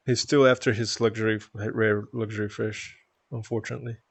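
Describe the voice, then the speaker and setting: A man's voice: lowish voice, steady tone, moderate pace, creaky, slightly rough, no room sound. A man from Toronto with a Canadian accent, chatting casually on a live stream, reading chat aloud, rambling and laughing often.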